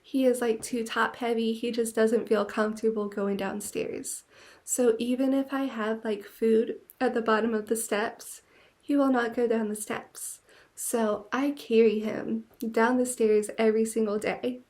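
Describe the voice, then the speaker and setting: A young woman chats on her own podcast in a loose, gushing way, with "like" in nearly every line. Her voice sits a little higher than most women's. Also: flat delivery, unhurried, darkish tone. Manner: chatty, many "like" fillers, gushing. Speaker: podcast host. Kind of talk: casual monologue.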